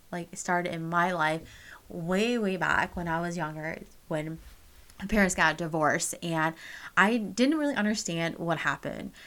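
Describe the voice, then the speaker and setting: A woman's voice: on the low side, a bit bright. A young woman telling a personal story straight to camera, candid and casual, swearing freely and full of fillers. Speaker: vlogger.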